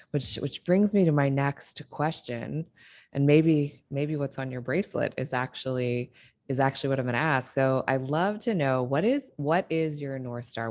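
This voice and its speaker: Very low-voiced enthusiastic woman host. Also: a little mellow. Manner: enthusiastic, effusive, laughs easily. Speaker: podcast host. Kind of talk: casual interview talk.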